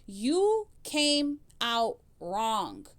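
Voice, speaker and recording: A woman's voice: on the high side, wildly swooping pitch, drawn-out words. A woman hosting a reaction commentary channel, blunt and scolding, swearing freely as she answers clips.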